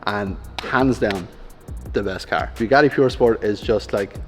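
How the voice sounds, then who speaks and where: A man's voice: on the low side, unhurried. An Irish man chatting casually as a guest on a car tour, joking and teasing. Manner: joking, teasing, laughs often. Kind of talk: casual chat. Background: music.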